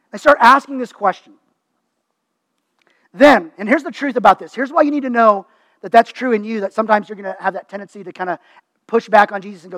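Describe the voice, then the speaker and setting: A man's voice: very high-pitched, a little fast, fairly bright tone, dry recording, low-quality recording. A man preaching a sermon in a conversational way, acting out what people say. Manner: conversational preaching, acts out quoted voices. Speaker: pastor.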